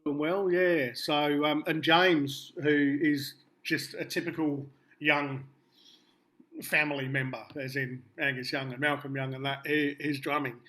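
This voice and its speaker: A man's voice: a little high, level tone, unhurried, sharp tone. An Australian man being interviewed, telling rambling anecdotes with a laugh. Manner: rambling, laughing storyteller with many fillers. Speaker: musician guest.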